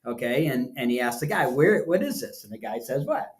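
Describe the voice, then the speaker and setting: Guy cohosting a podcast, rambles and repeats himself telling a story, average pitch. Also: animated, fairly quick. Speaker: podcast co-host. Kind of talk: casual chat and storytelling.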